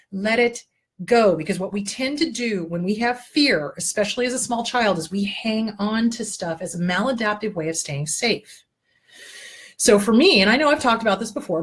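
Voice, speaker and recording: A woman's voice: mid-range voice, moderate pace, breathy edge. A woman therapist and show host giving casual self-help advice, blunt and profane, coaching the listener step by step through exercises. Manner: blunt, earthy and profane, with lively asides.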